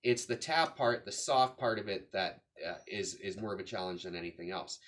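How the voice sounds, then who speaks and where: A man's voice: fairly low pitch, moderate pace, fairly bright tone. A man teaching a drum lesson, patiently explaining strokes and counting beats aloud as he demonstrates. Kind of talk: casual instructional explanation. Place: room with a drum kit.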